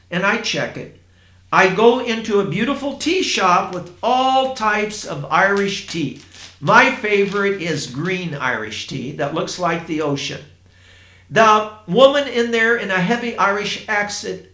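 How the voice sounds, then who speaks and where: A man from Indiana telling a first-person story in a plain, unhurried way, with asides to his listeners. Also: high voice, pushed and bright. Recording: roomy echo.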